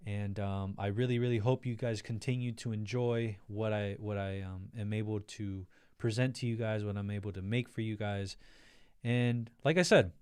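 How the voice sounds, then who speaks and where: A man's voice: fairly low pitch, fairly even intonation, normal speed, a little mellow, smooth, no echo, clean studio sound. A man hosting a casual livestream, reading viewer comments aloud, laughing often and thanking his viewers effusively. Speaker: livestream host.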